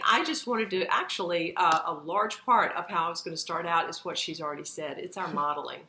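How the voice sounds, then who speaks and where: Bright-voiced woman giving parenting advice. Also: lowish voice. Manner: earnest, conversational, lots of fillers. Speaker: parenting educator. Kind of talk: live-streamed advice talk. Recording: echoey room, faint background noise.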